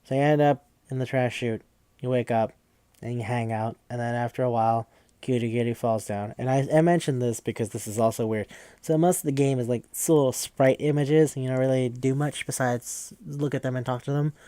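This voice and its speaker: A man hosting a podcast talks through a game's story in a loose, rambling way, swearing freely and leaning on fillers. His voice sits at an everyday middle pitch. The recording is dry and close, with no room sound. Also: steady tone, fairly quick, dark tone, clear, resonant tone, no room sound. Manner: rambling, profane, with frequent fillers. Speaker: podcast host. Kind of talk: casual game recap.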